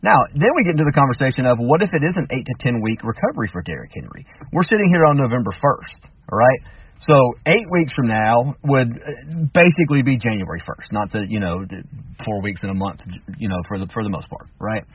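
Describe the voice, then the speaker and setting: A man arguing his case as a sports talk host, firing off rhetorical questions in a heated, animated way. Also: medium pitch, breathy edge, far from the mic, lo-fi sound. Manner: animated, argumentative, rapid-fire rhetorical questions. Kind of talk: sports radio commentary.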